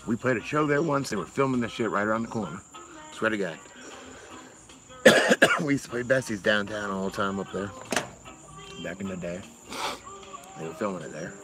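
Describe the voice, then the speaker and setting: A man's voice: on the low side, normal speed, pauses often, music in the background, rough recording. A man from Massachusetts chatting casually on a livestream, rambling and swearing, often laughing. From Massachusetts, USA. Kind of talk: casual chat.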